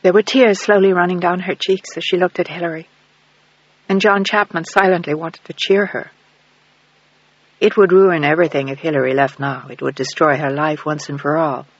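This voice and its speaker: A man narrating an audiobook in an even, measured reading. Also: a little high, no room sound. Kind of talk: scripted narration. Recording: dull lo-fi dry recording.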